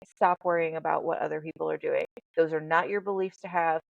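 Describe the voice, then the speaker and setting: Low-pitched, creaky, and fairly quick, the life coach hosting this podcast speaks with blunt candor, swears freely, and tells stories animatedly. The recording is dry, with narrow, tinny audio.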